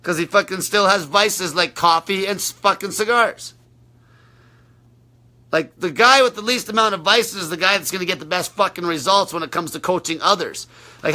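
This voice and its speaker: A man's voice: high voice, bright, forceful tone. A man coaching on a livestream, answering viewer questions in a brash, blunt, profane way.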